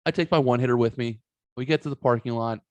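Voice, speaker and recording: A man in his thirties hosts a podcast, talking fast in a mid-range voice on dull audio with no room sound. His long, casual story is full of profanity, and he animatedly acts out people's lines.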